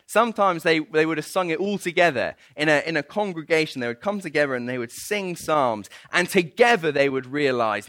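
A man preaching a sermon and telling a story in an animated, playful way, often laughing. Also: on the high side, fairly quick, hardly any pauses, dry recording.

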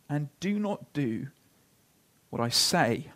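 A pastor preaching a sermon, telling stories earnestly and slowing down to read scripture. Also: male voice, a little high, animated.

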